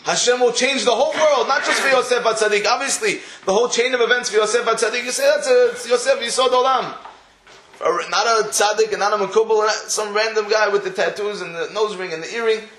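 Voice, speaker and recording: A man's voice: high voice, fast, fairly bright tone, reverberant, slight background noise. Man telling a story in a sermon. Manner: storytelling, acting out the dialogue. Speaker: rabbi giving a talk.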